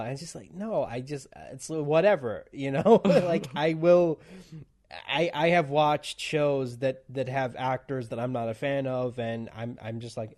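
A man hosting a casual chat, talking in a loose, halting way with frequent restarts. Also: medium pitch, darkish tone. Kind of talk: casual conversation.

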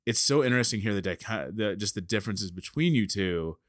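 A man hosting a podcast, chatting casually in a fairly low voice. He rambles through fillers and restarts and laughs often. The sound is close and dry. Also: animated, fast talker, dry recording. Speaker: podcast host. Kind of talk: casual chat.

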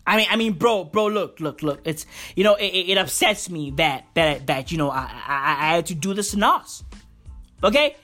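A woman's voice: lowish voice, expressive, normal speed, fairly bright tone. A woman ranting through music commentary, profane and repetitive, calling everyone bro.

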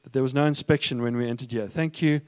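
A man's voice: mid-range voice, quick pace, close to an everyday voice. A man reading aloud and voicing a distressed, protesting woman prisoner, exclaiming and pleading. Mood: praying.

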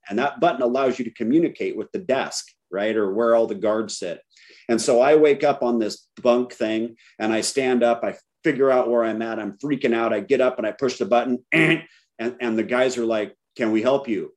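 A man's voice: lowish voice, a little mellow. A middle-aged man giving a candid personal recovery talk to a group, telling his story with self-deprecating humor. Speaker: recovery speaker.

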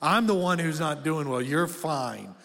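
A man's voice: on the high side, animated, a little slow, gravelly, fairly bright tone. A man in his thirties preaching a sermon as pastor, conversational and direct, asking the congregation to speak back. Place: church auditorium. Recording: long reverb of a church hall.

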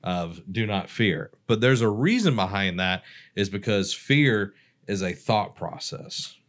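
A man hosting a relaxed faith discussion and leading the conversation. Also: on the low side, unhurried. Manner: relaxed, conversational, leads the topic. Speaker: podcast host. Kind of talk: casual discussion.

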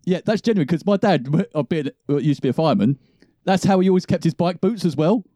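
A man's voice: on the high side, animated, quick pace, mellow, no echo, studio quality. A man in casual film chat who laughs often and rambles as he talks.

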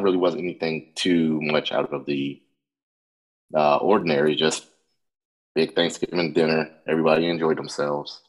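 Laid-back man with a very deep voice. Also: little pitch movement, moderate pace, low-quality recording. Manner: laid-back, brief replies. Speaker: podcast co-host. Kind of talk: casual chat.

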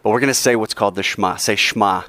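A man teaching a class in an energetic way. He coaches the group and drills them line by line in call-and-response. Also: on the low side, racing.

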